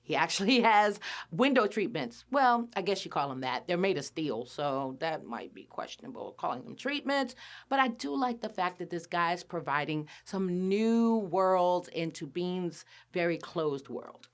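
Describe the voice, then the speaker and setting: A woman's voice: lowish voice, normal speed. A woman hosting a podcast, casually recapping a cartoon episode and acting out the characters' lines with lots of laughs. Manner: animated storyteller, acts out characters' lines, laughs often.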